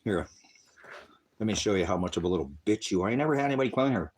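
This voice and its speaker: A man's voice: fairly low pitch, animated, racing, slight background noise. Profane, combative man ranting at chat. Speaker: livestreamer. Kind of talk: angry livestream rant at chat. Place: rural farm, partly outdoors.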